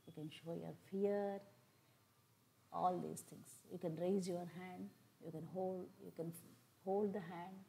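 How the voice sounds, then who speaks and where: A woman's voice: fairly low pitch, vocal fry, dark tone, rough recording. An older woman from India with an Indian English accent, giving a classroom lecture, explaining step by step with frequent fillers. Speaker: college lecturer.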